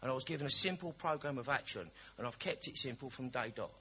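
Male, candid recovery-meeting speaker, bright tense voice, storyteller with humour. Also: mid-range voice, lively intonation, fast talker. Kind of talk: personal testimony at a recovery meeting.

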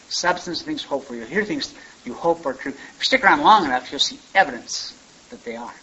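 A man's voice: on the high side, lively intonation, brisk, sharp tone. A man telling his story at a recovery meeting in a rambling, folksy way, often adding "man" and "you know". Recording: dull lo-fi recording with faint hiss.

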